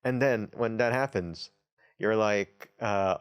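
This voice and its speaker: A man's voice: fairly low pitch, measured pace, smooth. A man hosting a casual card-opening video, reading card text aloud with wry, chatty asides. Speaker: host of a tabletop channel. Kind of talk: casual unboxing commentary.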